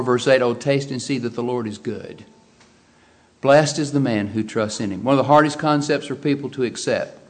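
A man preaching a sermon, swinging from quiet asides to loud, emphatic exclamations. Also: medium pitch.

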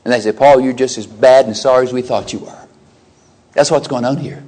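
A man preaching a sermon, reading scripture aloud and shifting between loud emphatic declaiming and quiet low asides. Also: fairly even intonation, fairly quick.

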